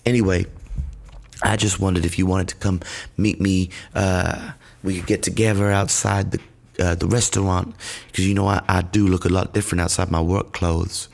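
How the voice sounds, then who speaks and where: A man's voice: on the low side, level tone, normal speed, creaky, a little mellow. A man from Britain hosting a comedy podcast, rambling through a sardonic, sweary monologue.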